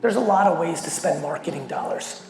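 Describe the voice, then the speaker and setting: Profane, animated male speaker, gravelly. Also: on the high side. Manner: profane, animated, fast storyteller. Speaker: keynote speaker. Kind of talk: storytelling talk to a company audience. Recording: echoey hall with long reverb, faint music.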